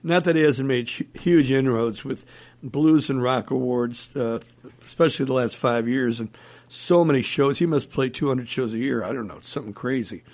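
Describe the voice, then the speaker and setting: Gravelly-voiced man telling musician stories. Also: mid-range voice, moderate pace, a little mellow. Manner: rambling anecdotal, chuckles often. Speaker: musician guest. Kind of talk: casual interview storytelling.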